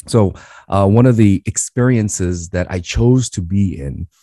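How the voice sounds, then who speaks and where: Deep-voiced man telling a lively story. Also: a little slow, dry recording, studio quality. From Queens, New York. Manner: animated storyteller, many restarts and fillers. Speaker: guest, business speaker. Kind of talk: storytelling in a podcast interview.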